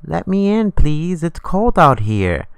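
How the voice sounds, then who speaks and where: Creepy black-eyed child's voice, high and thin, pleading and giggling at the door, put on by a man telling a ghost story. The voice sits well above the teller's own, smooth and dry. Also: very animated, takes it slowly, no echo, exaggerated voice.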